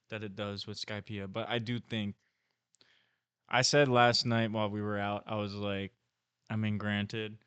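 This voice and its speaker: A man's voice: lowish voice, a bit bright, smooth, no echo. A young man who is a guest on a casual podcast, chatting and teasing in a laid-back way.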